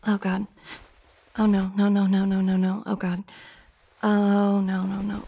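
A young woman performing a one-sided role-play monologue, flustered and breathy, with frequent sighs and half-whispered lines. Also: medium pitch, monotone, slow pace, mellow.

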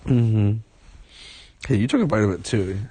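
A young man in an intimate boyfriend role-play, talking in a relaxed, teasing, affectionate way with many soft hums, as if in bed. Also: fairly low pitch, normal speed, husky, no room sound. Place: bed, indoors.

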